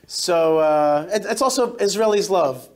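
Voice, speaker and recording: A man in his forties, a rabbi giving a lively storytelling talk to a synagogue congregation, often restarting and repeating words. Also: sits high, unhurried. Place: synagogue hall.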